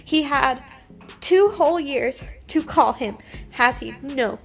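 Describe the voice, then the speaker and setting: An American reality TV personality in her twenties cries through an upset, defiant livestream monologue on her phone. Her high voice is animated and slow, with vocal fry, and soft music plays in the background.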